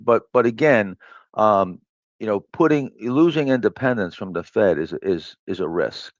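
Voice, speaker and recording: A man being interviewed as a trader, thinking aloud in a measured way with fillers and restarts. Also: fairly low pitch, lively intonation, no echo. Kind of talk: reflective interview talk. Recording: dull lo-fi clip played back.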